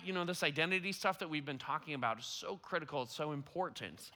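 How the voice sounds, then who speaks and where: Animated young preacher with bright voice. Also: male voice, on the high side. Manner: animated, filler-heavy, self-deprecating storytelling. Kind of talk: sermon storytelling. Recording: long hall reverb.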